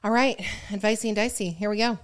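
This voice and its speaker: Podcast lady reading out an advice letter, smooth clear voice, chatty. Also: medium pitch, fairly even intonation, fast. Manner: chatty, reads letters aloud with asides. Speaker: podcast co-host. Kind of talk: casual chat, reading a listener letter.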